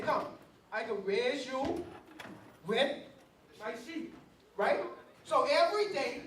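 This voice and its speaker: Woman, youth preacher, animated storyteller, high voice, recorded from afar in an echoey hall with a crowd. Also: distant mic, background noise. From Bahamas. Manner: animated, calls on the audience, acts out roars. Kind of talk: lively sermon storytelling. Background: crowd of young listeners.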